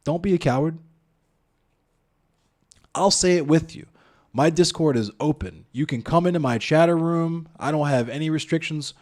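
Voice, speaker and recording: A man's voice: on the high side, moderate pace, darkish tone. A man streaming live, arguing his point bluntly and profanely, talking straight to his chat and throwing out rhetorical questions. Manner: profane, blunt, addresses chat and viewers directly. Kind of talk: heated live-stream commentary.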